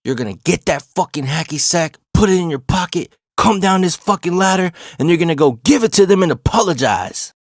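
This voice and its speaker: A man putting on his old high school basketball coach, blunt and insistent, swearing at times while he lectures. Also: lively intonation, unhurried, creaky, long pauses, no echo, clean studio sound. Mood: stern.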